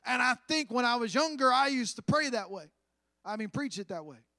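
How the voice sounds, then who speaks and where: A man preaching a sermon, dramatic, swinging from loud passages to hushed ones. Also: very high-pitched, lively intonation, fairly quick, no echo, studio quality.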